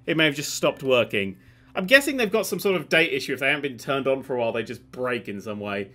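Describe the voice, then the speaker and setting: Sweary guy hosting gaming news, bright voice, really lively pitch. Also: fast. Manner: sweary, ranting, animated. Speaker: host. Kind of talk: casual gaming news chat.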